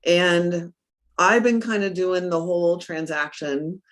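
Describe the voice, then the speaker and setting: A middle-aged woman coach in a casual interview, telling stories with lively acted-out quotes and frequent laughs. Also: on the low side, slow pace. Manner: animated storyteller, acts out her own quotes, laughs often.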